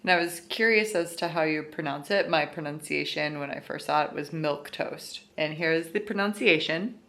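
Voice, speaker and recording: A woman chatting casually in a reading vlog, excitable and gushing about her book and her day. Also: sits low, slight background noise. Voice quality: excitable, gushing, quick to squeal. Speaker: book vlogger.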